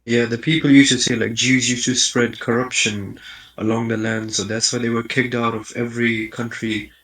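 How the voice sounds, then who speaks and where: A man calling in to a debate, quick to interject and push back on the host. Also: medium pitch, little pitch movement, a bit bright, poor audio. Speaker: caller. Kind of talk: debate call.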